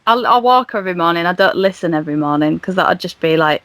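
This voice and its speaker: A woman's voice: fairly low pitch, expressive, fast, fairly bright tone, no room sound. A woman guesting on a comedy podcast, giggly and self-deprecating as she chats. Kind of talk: casual comedy chat.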